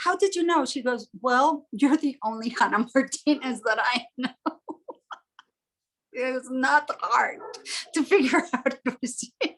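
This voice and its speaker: Giddy, laughing woman telling a story. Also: fairly high pitch. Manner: animated storytelling with frequent laughs; giddy, emphatic. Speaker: full moon gathering host. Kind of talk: casual spiritual talk to a group.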